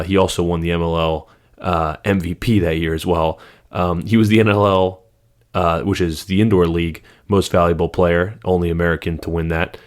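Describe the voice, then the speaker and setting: A man co-hosting a podcast, reading a guest's bio in a loose, joking way. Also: sits low. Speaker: podcast co-host. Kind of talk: casual podcast chat.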